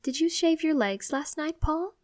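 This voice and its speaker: A woman voicing a cheerful, doting mother who is gentle and coaxing, then eager and excited. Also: high voice, moderate pace, voice pushed up.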